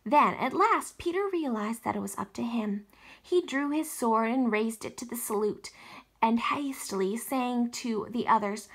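A woman teacher reading a novel aloud for distance learning, expressive, with small slips and restarts. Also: a little high, a little slow, slightly rough.

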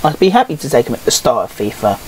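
A woman's voice: extremely low pitch, big pitch swings, fast talker, darkish tone, a little hiss or hum, low-quality recording. A woman giving casual, grumbling, sarcastic game commentary and swearing freely. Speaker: gaming YouTuber.

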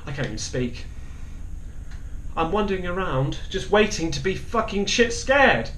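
A man's voice: sits high, animated, normal speed, a bit bright, slight background noise. A young man panicking and swearing while commentating a horror game, yelping and repeating himself in fear. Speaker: gaming YouTuber. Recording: echoey room with faint ambience.

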